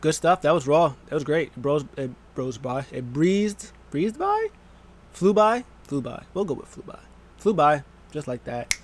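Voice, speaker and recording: A young man recapping wrestling in a casual, excitable, rambling vlog, with quick silly voices now and then. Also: on the high side. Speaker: wrestling vlogger.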